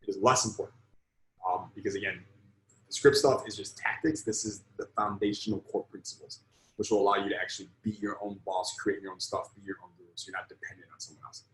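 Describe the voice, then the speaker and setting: A man's voice: fairly low pitch, steady tone, fast talker, a bit bright, reverberant, low-quality recording. A man coaching on sales in a live online lesson, blunt and emphatic, swearing freely.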